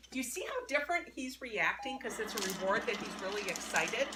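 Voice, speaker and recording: A woman's voice: mid-range voice, expressive, a little fast, hardly any pauses. A woman dog trainer talking casually while she works with her dog, explaining as she goes. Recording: distant mic, faint background noise.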